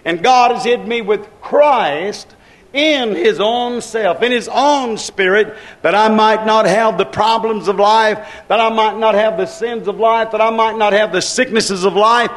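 A man preaching a sermon in a rhythmic, repetitive cadence, drawing out his stresses and rising to shouts. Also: high voice. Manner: preaching with slow, drawn-out stresses and shouted peaks.

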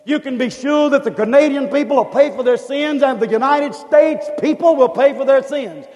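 A man with a strikingly high voice preaches a revival sermon with fervor. He hammers on repeated phrases and climbs into shouted questions, and his words ring out in the long reverb of a big hall. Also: moderate pace, muffled recording. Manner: fervent, repetitive, builds to shouted questions.

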